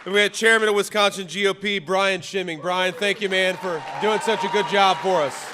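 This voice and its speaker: A man, a vice-presidential candidate, gives a political rally speech. He repeats punchy slogans, shouts the big lines, and often restarts his sentences. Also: sits high, moderate pace, long reverb tail, a crowd in the background, noisy background. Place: campaign rally venue.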